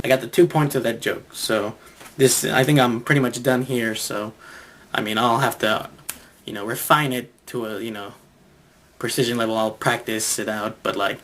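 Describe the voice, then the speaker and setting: A man talks through a comedy bit in a loose think-aloud monologue, his voice gravelly with vocal fry. He stops and restarts often and chuckles to himself between thoughts. Faint noise sits behind him. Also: fairly low pitch, a bit bright. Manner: halting, many restarts and fillers, chuckles to himself. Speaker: comedian developing material.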